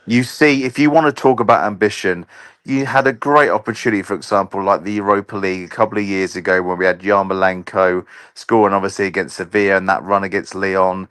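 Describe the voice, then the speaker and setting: A man talking about his football club in a measured, slightly halting way. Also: on the low side, fairly bright tone, dry recording. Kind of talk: casual football chat.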